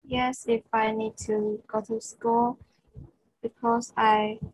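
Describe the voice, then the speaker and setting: A woman with a slightly husky voice answers her teacher's questions slowly, pausing and reaching for words. Her replies are short and hesitant. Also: on the high side, level tone, rough recording. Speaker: English student. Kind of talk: answering speaking-test questions.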